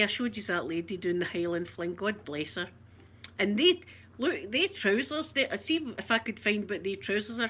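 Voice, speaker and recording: Bright chatty Scottish woman. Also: medium pitch. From Scotland. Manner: chatty, laughs often, reads out viewer comments. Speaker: vlogger. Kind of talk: casual live chat.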